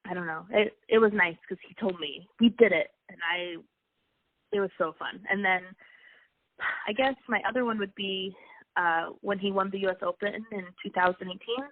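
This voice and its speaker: A woman's voice: mid-range voice, moderate pace. A young woman, a coach's wife, telling personal stories in a chatty, emotional way with frequent restarts. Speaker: interview guest, wrestling coach's wife. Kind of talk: casual personal storytelling. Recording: tinny phone-like line, dry.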